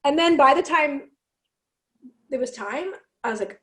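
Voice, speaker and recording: A woman with a raspy voice, a singer guesting on a podcast, telling stories excitedly and swearing freely. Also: high voice, moderate pace. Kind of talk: casual chat.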